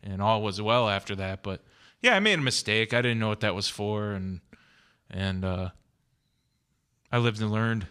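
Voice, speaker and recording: Bright-voiced male podcast co-host. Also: fairly low pitch, moderate pace, pauses often, clean tone. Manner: storytelling, chatty and explanatory. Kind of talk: casual chat.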